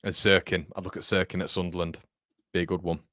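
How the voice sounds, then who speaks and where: A man's voice: low-pitched, flat delivery, quick pace, bright, forceful tone, no echo, clean studio sound. A young man from England, hosting a live football watchalong in a chatty, blokey way full of "mate" and "um". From North East England. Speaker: fan channel host. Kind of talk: live watchalong commentary and chat.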